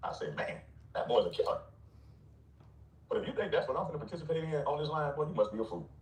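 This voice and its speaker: Man, blunt mocking rant, scornful laughs, quick delivery, echoey distant sound. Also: fairly high pitch, big pitch swings. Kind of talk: ranting commentary. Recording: roomy, off-mic.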